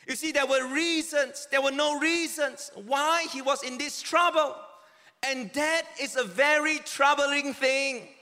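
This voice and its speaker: A man's voice: very high voice, sharp tone. A man preaching a sermon earnestly, with emphatic, dramatic quoted cries. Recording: long reverb of a large hall.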